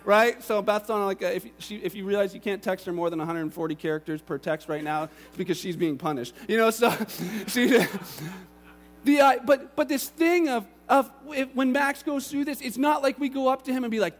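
A man in his thirties preaching a sermon, telling family stories in an animated, lively way. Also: high voice, normal speed. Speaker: pastor. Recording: long reverb of a large hall.

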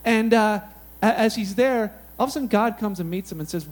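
High-voiced man preaching casually. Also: a little fast. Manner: animated, conversational, frequent "like" and "you know". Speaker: pastor. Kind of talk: casual storytelling sermon.

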